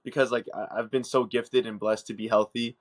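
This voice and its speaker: A man's voice: medium pitch, little pitch movement, a little fast. A young man calling in by phone to a podcast, earnest and grateful, rambling a bit. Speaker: podcast guest, powerlifter. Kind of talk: casual chat. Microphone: phone call.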